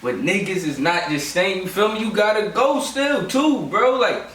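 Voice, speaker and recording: A man's voice: sits high, lively intonation, normal speed, a bit bright. A man from Yonkers, speaking insistently in a casual interview and often repeating himself. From Yonkers, New York. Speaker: guest artist. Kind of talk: casual chat. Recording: echoey room, mic far off.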